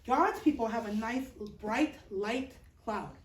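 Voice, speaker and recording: A woman teaching children, telling a Bible story in a lively, playful and expressive way. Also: fairly high pitch, slow. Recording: roomy, distant mic.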